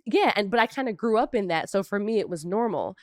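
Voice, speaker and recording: A woman's voice: mid-range voice, expressive, fast talker, darkish tone, no echo, studio quality. A woman from Brooklyn, co-hosting a podcast and telling personal stories in casual conversation. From Brooklyn, New York. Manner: reflective storytelling with asides. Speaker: podcast co-host.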